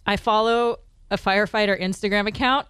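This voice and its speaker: A woman podcast host asks candid, teasing questions in a casual chat. Her voice is smooth and clear, her pitch middling. The room sounds dry and close. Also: fairly even intonation, a little fast, a bit bright, dry recording.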